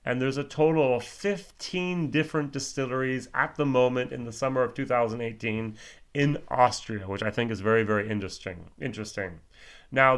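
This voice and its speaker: An American man talks through a whisky review in a relaxed, wandering way and pauses now and then to spell words out letter by letter. His voice sits at an ordinary middle pitch for a man. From United States. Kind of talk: casual spoken review.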